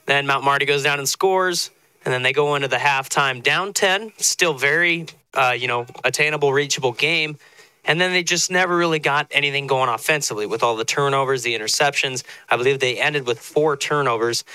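A man's voice: medium pitch, a little fast, smooth, no echo, rough recording. A man giving easygoing post-game football analysis, talking it through conversationally with plenty of fillers. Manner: relaxed, conversational, many fillers. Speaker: color commentator.

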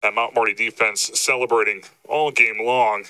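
Bright-voiced Midwestern sportscaster, breathless. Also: male voice, normal speed, clear, resonant tone, no room sound, poor audio. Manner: energetic, rising excited pitch on highlights. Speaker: play-by-play sportscaster. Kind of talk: post-game football commentary.

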